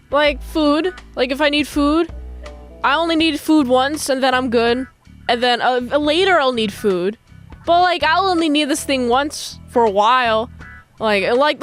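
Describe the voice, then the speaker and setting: A woman casually reviewing a TV episode, animated and slipping into funny voices as she retells scenes. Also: high-pitched, measured pace, soft background music. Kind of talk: casual recap with acted-out quotes.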